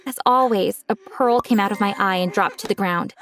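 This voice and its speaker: A woman's voice: mid-range voice, moderate pace, a bit bright. A young woman telling a dramatic first-person story, gasping now and then for effect.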